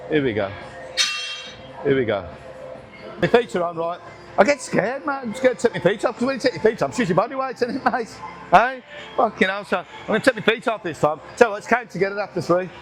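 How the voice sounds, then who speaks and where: A man's voice: sits high, big pitch swings, fast. A man, talking casually through a workout in a gym, joking, swearing and short of breath between reps. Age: 60s. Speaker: gym vlogger. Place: busy gym with music playing. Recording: gym music in background.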